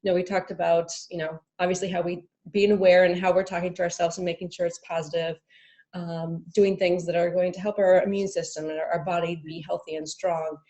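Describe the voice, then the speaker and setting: A woman's voice: fairly low pitch, little pitch movement, brisk, dark tone, muffled recording. A woman hosting an interview, affirming her guest and asking questions with frequent fillers. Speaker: host.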